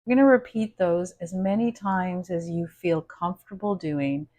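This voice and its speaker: A woman coaching a guided self-help session, gentle and encouraging, often checking in with the listener and counting slowly through breathing exercises. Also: fairly low pitch.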